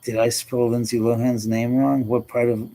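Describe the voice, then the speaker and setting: A middle-aged man hosts a casual livestream and chats loosely with his viewers. His voice sits at an ordinary middle pitch. He laughs easily and swears freely as he talks. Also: level tone, moderate pace, dark tone, a little hiss or hum, poor audio. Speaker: livestream host. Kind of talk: casual livestream chat reading comments.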